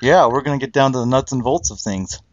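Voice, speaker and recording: A man hosting a casual hobby podcast chat in a relaxed, joking way. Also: medium pitch, quick pace, dry recording, muffled recording. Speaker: podcast host.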